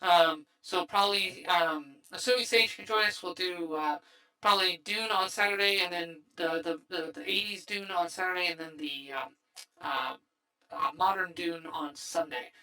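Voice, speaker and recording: A man's voice: sits high, normal speed, sharp tone, low-quality recording. A man hosting a livestream through a voice changer, rambling casually with lots of fillers and restarts. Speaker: streamer host. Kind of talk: casual stream wrap-up chat.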